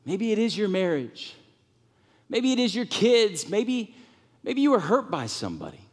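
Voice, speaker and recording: Guy preaching in a church, voice sits kinda high, long echo off the hall, gets fired up then goes soft. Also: normal speed. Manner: animated preaching, drops to soft tones for comfort, rises high for emphasis. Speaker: pastor. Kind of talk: sermon. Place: church sanctuary.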